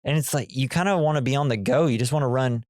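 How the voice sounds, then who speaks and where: A man's voice: mid-range voice, fast talker, darkish tone, no room sound, clean studio sound. A man co-hosting a casual movie podcast, rambling and acting out characters' lines. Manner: rambling, acts out quoted lines. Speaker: podcast co-host. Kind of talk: casual movie review chat.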